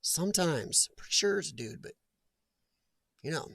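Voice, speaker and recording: A man's voice: a little high, lively intonation, moderate pace, vocal fry, fairly bright tone, slightly rough, no room sound. A middle-aged man hosting a casual live stream, chatting and laughing as he answers comments. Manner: chatty, laughs often, talks back to chat.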